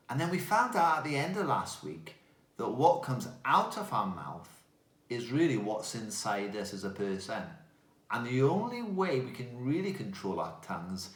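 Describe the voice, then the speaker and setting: A man giving a playful, animated talk to children. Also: mid-range voice, roomy sound. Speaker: children's speaker.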